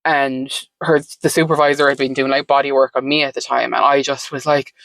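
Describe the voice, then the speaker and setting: A woman's voice: rumbling low, flat delivery, fairly quick, creaky, fairly bright tone, no room sound, poor audio. A woman telling her story as a podcast guest in a reflective, meandering way, full of "like" and "um". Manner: reflective, meandering, frequent "like" and "um" fillers. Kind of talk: conversational storytelling.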